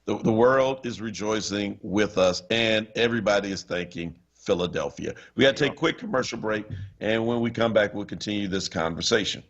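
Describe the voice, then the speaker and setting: Animated low-voiced radio co-host man. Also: fairly quick. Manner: animated, laughs often. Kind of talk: talk radio chat. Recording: dull lo-fi radio stream.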